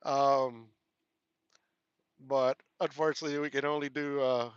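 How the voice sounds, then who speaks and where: A man's voice: mid-range voice, level tone, unhurried, clear, resonant tone, no room sound, highs cut off. A man with a Texas country twang hosting a casual live stream from his truck cab, reading viewer comments, laughing often and repeating his thanks. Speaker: trucker livestream host.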